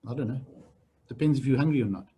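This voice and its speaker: A man's voice: medium pitch, quick pace, mellow, slightly rough. A man running a sales training on a video call, blunt and repetitive. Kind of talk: online training session.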